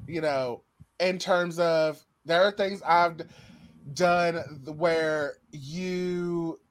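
A man's voice: on the high side, steady tone, extremely slow, clear, resonant tone. A man hosting a casual recap chat, laughing often and swearing freely. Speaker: podcast host.

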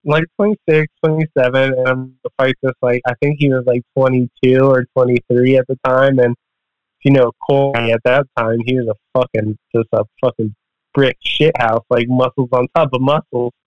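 A man's voice: mid-range voice, fairly even intonation, normal speed, no room sound. A man guesting on a podcast, telling a story casually in a rambling, profane way and acting out the quotes. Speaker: podcast guest, MMA fighter. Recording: dull, dry podcast audio.

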